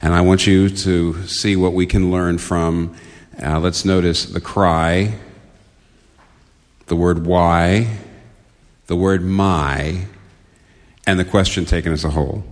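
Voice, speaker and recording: A low-pitched man delivering a sermon with earnest, mounting intensity. His voice carries a long reverb, as if spoken in a large church hall. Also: level tone, slow, pauses often. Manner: earnest, building to impassioned questions. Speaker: preacher.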